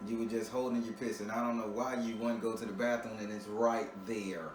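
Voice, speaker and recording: A man gives a client a spiritual reading in a casual, joking manner, speaking bluntly and with profanity. He laughs often and repeats words when restarting. His lowish voice is flat and fairly quick, recorded on a distant mic in a roomy space with ambient noise.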